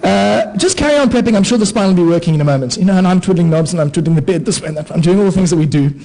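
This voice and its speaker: High-voiced self-mocking man telling stories. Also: rapid-fire, low-quality recording. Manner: self-mocking, animated, lively asides and sound effects. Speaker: conference speaker, anaesthetist. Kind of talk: comic storytelling talk to an audience. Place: conference hall with an audience.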